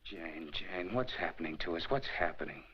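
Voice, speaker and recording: A desperate husband in a 1940s noir, begging his wife in a very deep, dark voice. The sound is dull and muffled, like an old film soundtrack. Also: expressive, normal speed, a little hiss or hum. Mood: pleading.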